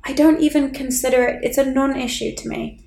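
A woman's voice: high voice, fairly even intonation, a little fast, creaky, mellow, slight background noise. Chatty swearing woman podcaster, echoey room. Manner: chatty storyteller, acts out quotes, swears, laughs often. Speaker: podcast co-host. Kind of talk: casual chat.

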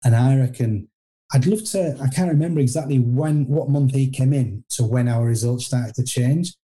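A middle-aged man with a very dark, mellow voice, speaking at a mid pitch. He tells old stories from his playing days in a loose, rambling way, often restarting sentences and poking fun at himself. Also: normal speed. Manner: rambling anecdotal, frequent restarts, self-deprecating. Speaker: former footballer guest. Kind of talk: casual interview storytelling.

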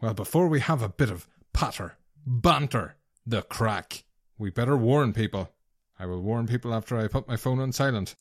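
A man's voice: medium pitch, expressive, moderate pace, no echo, clean studio sound. Teasing man co-hosting a podcast. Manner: teasing, wry, banter-heavy. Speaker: podcast co-host. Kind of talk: casual chat.

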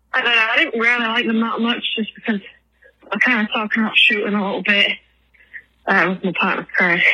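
A woman's voice: mid-range voice, bright, forceful tone, husky, low-quality recording. A woman from England leaving a rambling phone voicemail for a podcast while out of breath from walking her dog. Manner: rambling, lots of ums and likes. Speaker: caller.

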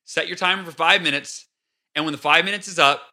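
A man's voice: a little high, brisk. A man in his thirties, a podcast guest talking casually and telling stories, acting out his own outbursts with energy. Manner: animated storyteller, acts out his own outbursts. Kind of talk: casual interview talk.

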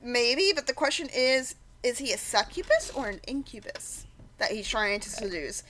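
A woman's voice: on the high side, animated, normal speed, heavy background noise. A woman co-hosting a podcast, telling the story in a dry, wry way during casual chat. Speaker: podcast co-host. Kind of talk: casual chat recapping a ghost-hunting show.

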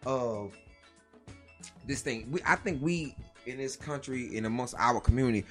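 A woman chatting casually as a podcast host, telling loud, profane stories and laughing often. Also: a bass voice, normal speed, soft background music. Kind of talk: casual chat.

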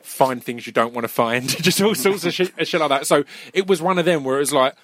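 A man's voice: on the high side, fairly quick, a bit bright, no echo. A man talking frankly and casually on a podcast, sweary and rambling.

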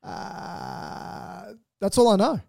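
A man's voice: high voice, very slow, vocal fry, dark tone, no room sound, studio quality. Joking man co-hosting a medical podcast. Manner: joking, laughs often, plays the student. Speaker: podcast co-host and doctor. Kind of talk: casual podcast chat.

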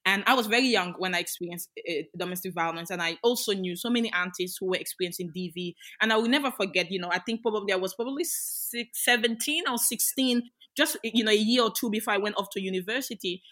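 A young adult woman, a women's rights activist from Australia, speaks as an interview guest with passion and emphasis, asking many rhetorical questions. Her mid-range voice is fast with hardly any pauses and a fairly bright tone.

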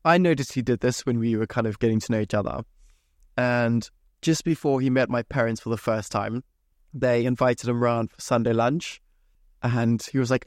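A man's voice: medium pitch, a little slow, a little mellow, no echo, studio quality. A young man hosting his own podcast, ranting in a casual, sweary and exasperated way. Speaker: podcast host. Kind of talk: solo casual podcast rant.

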